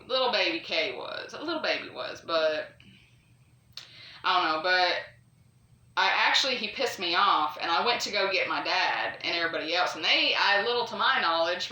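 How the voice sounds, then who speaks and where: A woman with a fairly low, pushed, bright voice casually tells a true ghost story. She's chatty and rambling, full of asides and fillers. The room is echoey, and she sits a bit far from the mic.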